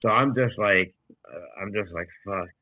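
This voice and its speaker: A man's voice: lowish voice, moderate pace, no echo. Man telling a story over a tinny call. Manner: profane, rambling anecdote with acted quotes. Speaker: comedian podcast co-host. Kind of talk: casual storytelling. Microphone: video call. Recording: dry tinny video call audio.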